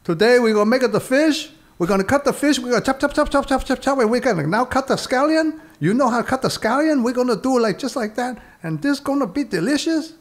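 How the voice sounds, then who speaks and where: A man's voice: extremely high pitch, expressive, fast, hardly any pauses, pitched above the performer's own voice. A man doing an exaggerated impression of a male TV cooking host, speaking in clipped, sing-song broken English. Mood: chirpy.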